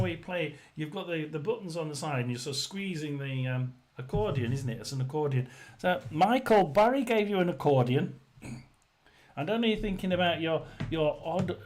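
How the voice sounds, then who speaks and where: A man hosts a casual live chat and talks to viewers in a loose, rambling way. He restarts often and fills pauses with ums and uhs. His voice sits a little high for a man. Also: a little mellow. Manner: rambling, many fillers and restarts. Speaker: livestream host. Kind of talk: casual livestream chat reading comments.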